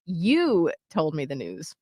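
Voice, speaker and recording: A woman in her thirties co-hosting a radio show, retelling a story in an animated, excitable way. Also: sits low, takes it slowly, no echo, clean studio sound. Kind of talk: casual chat.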